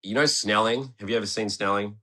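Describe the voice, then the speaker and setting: A man's voice: fairly low pitch, steady tone, fairly quick, sharp tone. A young man, a skateboarder guest telling rambling, sweary stories in a casual podcast interview and acting out what people said. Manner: rambling storyteller who swears freely and acts out quotes. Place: podcast studio.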